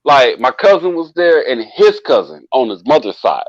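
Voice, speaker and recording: A man's voice: mid-range voice, moderate pace, dry recording. Profane man telling a wild story, lo-fi. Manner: animated, profane, acts out quoted voices. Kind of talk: casual storytelling among friends. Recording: dull lo-fi dry sound.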